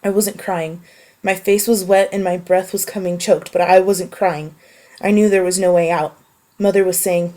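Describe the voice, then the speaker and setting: Wry woman, low-ish voice. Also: steady tone, mellow. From United States. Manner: offhand and wry, reads prose slowly and evenly. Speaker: vlogger answering a question meme. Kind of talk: casual voice post with a read-aloud passage.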